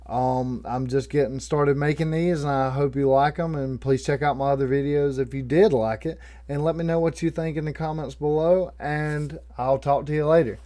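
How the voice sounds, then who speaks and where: A young man with a fairly high voice tells a comedic story, animated and full of swearing. He swings from loud outbursts to quiet asides as he narrates for his channel. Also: moderate pace, few pauses. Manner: animated, profane, jokey, swings loud and soft.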